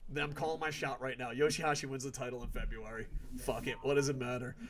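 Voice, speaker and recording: A man's voice: medium pitch, fairly even intonation, quick pace, a little hiss or hum. Man, wrestling podcast host, profane, sarcastic, emphatic rant. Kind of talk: casual ranting prediction talk.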